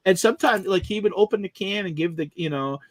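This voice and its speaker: A man's voice: sits high, fast talker, no echo. A man telling a long, rambling story in casual chat, with many restarts and trailing asides.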